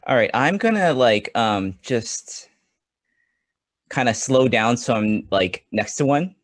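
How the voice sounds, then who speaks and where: A man playing a tabletop game over voice chat, his pitch in a middle range. He rambles, piling on "like" and "um" as he works out his moves. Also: animated, slow pace, no echo. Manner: rambling, full of "like" and "um". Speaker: player. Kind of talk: casual tabletop game play. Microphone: online voice call.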